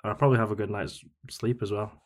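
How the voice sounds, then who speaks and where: A man with a fairly low voice joins a podcast as a guest over a call. He talks hesitantly and fills his pauses with ums as he explains things. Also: fairly even intonation. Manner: hesitant, self-conscious, many fillers. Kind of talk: casual chat. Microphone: remote call mic.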